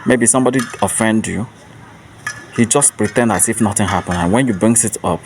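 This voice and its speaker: A man's voice: on the low side, a little fast. A man giving an earnest motivational monologue as a self-help speaker, repeating rhetorical questions. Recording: distant mic with faint traffic noise.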